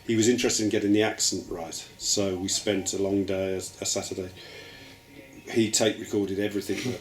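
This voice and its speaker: Low-voiced man in echoey room. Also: steady tone, normal speed. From Birmingham, England. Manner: thoughtful, hedges with "I mean" and "I think". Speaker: interviewee, television writer. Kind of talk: reflective interview answers. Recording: echoey room with faint ambient noise.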